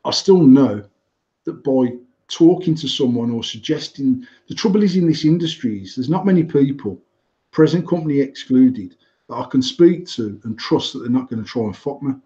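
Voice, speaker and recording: A man's voice: mid-range voice, expressive, normal speed, dark tone, lo-fi sound. A man in his forties from England, a company director co-hosting a podcast, talking bluntly with lots of swearing and restarts. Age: 40s. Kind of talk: casual chat.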